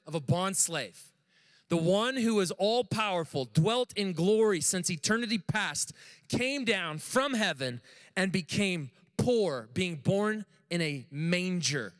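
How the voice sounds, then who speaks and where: Man, pastor, animated sermon, fairly high voice, questions to the congregation.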